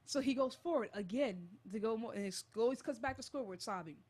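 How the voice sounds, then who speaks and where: A young woman hosting a college radio show, retelling a creepy story in a casual, animated and jittery way. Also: fairly high pitch, a little fast.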